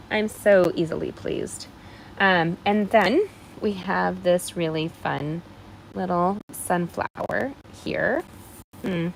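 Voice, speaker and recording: A woman's voice: fairly low pitch, animated, slow, creaky, slight background noise, poor audio. A woman hosting a live card-making stream, chatting in a bubbly way straight to her viewers as she demonstrates. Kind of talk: casual live craft demonstration.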